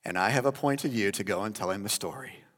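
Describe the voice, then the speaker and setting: God giving a prophet a plain, direct order, as a preacher puts it in his own voice. The words come brisk and low-key. A long hall reverb follows them. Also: a bit bright. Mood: commanding. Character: God speaking to a prophet, commanding.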